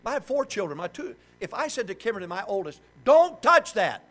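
An older man with a high-pitched voice talks fast as he preaches a sermon. Joking and animated, he calls on the congregation to answer back.

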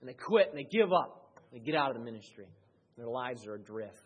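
A man preaching a sermon as pastor, swinging between loud raised peaks and quiet low passages, with a husky voice. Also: expressive, fairly quick.

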